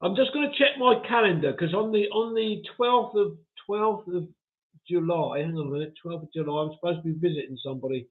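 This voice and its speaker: Over tinny, phone-quality audio, a man with a fairly high voice talks briskly as he hosts a live stream. He reads out comments from viewers, keeps things chatty and self-deprecating, and chuckles a lot.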